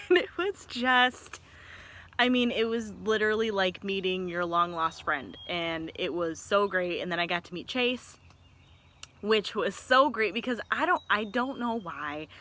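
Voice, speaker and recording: A woman in her thirties from Michigan tells a story in a casual vlog. She rambles in an excitable way and corrects herself often, with a bright, crisp tone at a middling pitch. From Michigan, USA. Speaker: vlogger.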